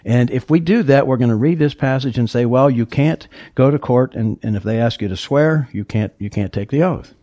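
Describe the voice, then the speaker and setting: A man's voice: medium pitch, a little fast, few pauses, warm tone, dry recording, clean studio sound. A man preaching a sermon, teaching in an earnest tone, leaning hard on key words and often restarting his phrases.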